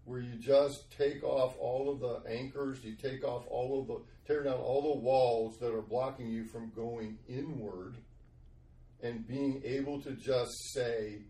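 A man's voice: mid-range voice, steady tone, unhurried, warm tone, distant mic. Middle-aged man, earnest storyteller for a faith chat show, heard in a roomy space a bit off mic. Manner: earnest storytelling, acts out quoted voices. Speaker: Christian speaker sharing testimony. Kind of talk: conversational podcast testimony.

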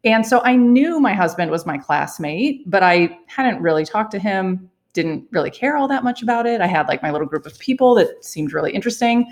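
A woman's voice: mid-range voice, a little fast, few pauses. A young adult woman, a doctor, casually telling a personal story, laughing often and acting out what people said. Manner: animated, laughs often, acts out quoted lines. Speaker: physician telling her story.

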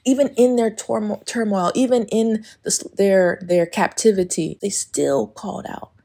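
Husky, mellow-voiced woman podcaster. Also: medium pitch, moderate pace. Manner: emphatic, profane, breaks into singing song lyrics. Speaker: podcast host. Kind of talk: casual spiritual podcast monologue.

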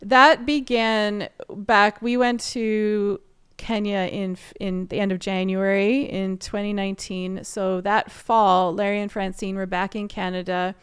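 A woman in her thirties telling a story as an interview guest, in a chatty, animated way with frequent laughs. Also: medium pitch, unhurried, clean tone.

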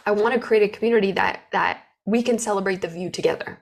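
A woman speaking candidly to camera about her life as an entrepreneur. Her telling is open and emotional, with big feelings put plainly into words. Her voice sits at an ordinary middle pitch for a woman. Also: fast, gravelly. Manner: open, emotional, animated storytelling. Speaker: business owner. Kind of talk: candid personal vlog.

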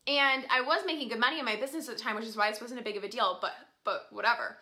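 Young woman, bright, sharp tone, higher-pitched, chatty storyteller with lots of fillers and laughs. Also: very fast. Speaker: vlogger. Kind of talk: casual storytelling to viewers.

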